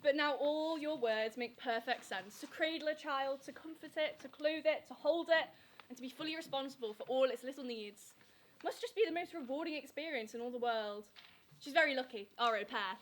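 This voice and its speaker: A woman's voice: high-pitched, fairly quick, slight background noise, close to an everyday voice. A young woman acting a vain new mother in a stage radio play, gushing and condescending. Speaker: actor in a youth theatre radio play.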